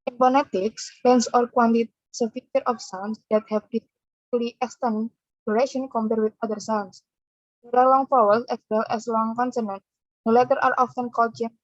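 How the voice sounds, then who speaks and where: A woman student with an Indonesian accent reading a class presentation in a flat, steady voice. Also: on the high side, a little fast, no echo. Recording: dry, dull lo-fi mic.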